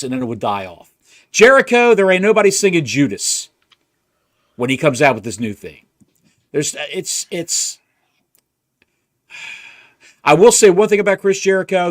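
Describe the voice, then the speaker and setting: A man's voice: a little high, a bit bright. Man ranting with rhetorical questions. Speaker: podcast co-host. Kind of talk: casual wrestling podcast chat.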